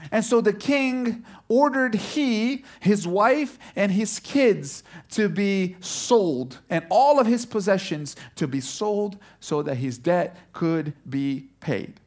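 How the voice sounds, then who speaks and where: A man preaching a sermon as a pastor, retelling a story with animated delivery and drawn-out words for emphasis. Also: high voice.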